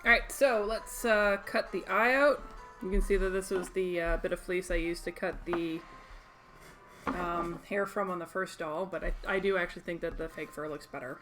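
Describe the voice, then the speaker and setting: A woman's voice: fairly low pitch, steady tone, normal speed, fairly bright tone, faint music behind. A young woman from Canada chatting casually and rambling while she sews on a livestream, laughing often. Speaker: crafting livestream host. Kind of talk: casual chat while sewing.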